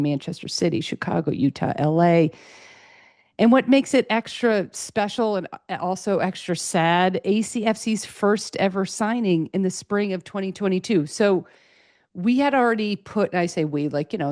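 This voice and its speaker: A woman's voice: fairly low pitch, a little mellow, dry recording, studio quality. A woman hosting a sports podcast, chatting casually and getting emotional as she gushes. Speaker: podcast host.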